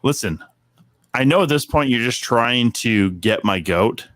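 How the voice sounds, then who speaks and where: Man co-host, casual profane banter, mock bragging, dry close mic, mid-pitched voice. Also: expressive, a little slow, a bit bright, no room sound. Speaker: podcast co-host. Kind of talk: casual wrestling podcast banter.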